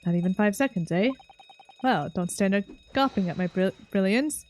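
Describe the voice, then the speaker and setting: A woman's voice: mid-range voice, expressive, moderate pace, darkish tone, soft background music, pitched below the performer's own voice, close to an everyday voice. A woman voicing a flamboyant, smug male Victorian detective, speaking in a grandiose, formal, theatrical way. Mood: haughty. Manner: grandiose, theatrical, old-fashioned formal speech.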